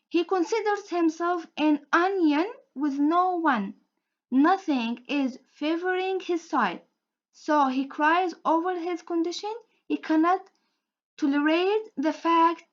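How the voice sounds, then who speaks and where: A young woman with a high voice gives a slow, careful class presentation, stopping to restart and repeat her phrases. The recording is dull and lo-fi. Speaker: student presenter.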